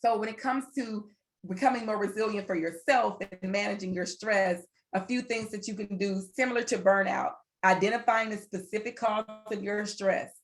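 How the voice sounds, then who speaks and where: A woman's voice: mid-range voice, steady tone, moderate pace, faint music behind. This is a woman presenting a workplace wellness session online. She talks through a computer mic in an earnest, encouraging tone. She builds her points by repeating phrases, one after another. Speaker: webinar presenter. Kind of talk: motivational webinar talk.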